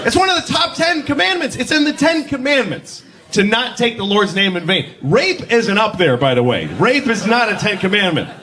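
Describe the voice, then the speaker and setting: A man performing a stand-up comedy set, telling stories deadpan and jumping into shouted voices. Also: high voice, moderate pace, hardly any pauses. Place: comedy club stage with audience.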